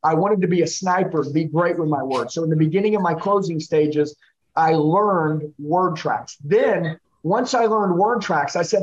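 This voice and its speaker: Intense high-voiced male sales coach. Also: moderate pace, lo-fi sound. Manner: intense, coaching, repeats the listener's name. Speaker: sales trainer. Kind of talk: live sales training role-play.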